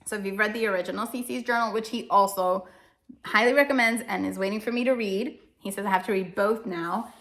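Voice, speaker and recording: A woman's voice: mid-range voice, brisk, fairly bright tone. A woman chatting casually about her family's reading, rambling a little and correcting herself as she goes. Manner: emotional, self-deprecating. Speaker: homeschooling parent reviewing books. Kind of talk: casual chat.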